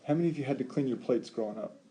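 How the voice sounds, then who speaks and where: A man teaching a Bible study, talking in an animated, emphatic way with rhetorical questions and frequent ums. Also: medium pitch, very fast.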